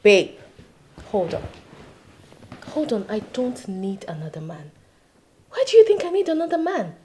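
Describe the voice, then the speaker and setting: A woman's voice: medium pitch, huge pitch swings, measured pace, warm tone, slight background noise. An actress playing a young woman with a Nigerian accent who teases her boyfriend with laughs. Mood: teasing. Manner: teasing, laughing.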